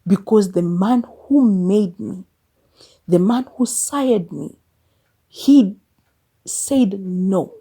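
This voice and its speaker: This Kenyan woman in her thirties hosts a podcast of candid reflections on her life, dropping in Swahili phrases and sometimes bursting into exasperated emphasis. Her medium-pitched voice is dark and breathy, with drawn-out words and frequent pauses.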